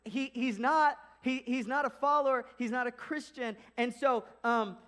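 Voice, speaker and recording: A young man preaching a casual, lively sermon as pastor, acting out quoted voices as he goes. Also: very high-pitched, moderate pace, few pauses.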